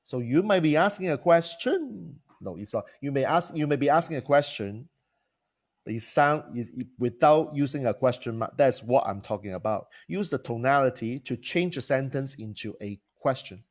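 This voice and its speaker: Animated and speaking at normal speed in a mid-range voice, this male coach and trainer teaches to camera. He restarts phrases frequently and asks plenty of rhetorical questions.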